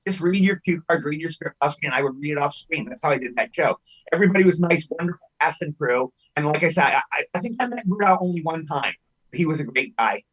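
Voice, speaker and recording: An older man with a husky voice who talks fast and rambles, repeating himself and restarting sentences. His pitch is a little high, and he speaks frankly and casually as a guest on a podcast. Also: lively intonation, a bit bright, low-quality recording. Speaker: veteran actor, podcast guest. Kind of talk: casual chat.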